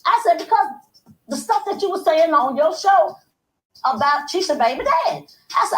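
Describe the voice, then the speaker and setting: A woman's voice: sits high, expressive, a little fast, a bit bright, reverberant, rough recording. A woman heatedly retelling an argument, acting out both sides in quoted lines. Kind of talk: animated storytelling on a livestream.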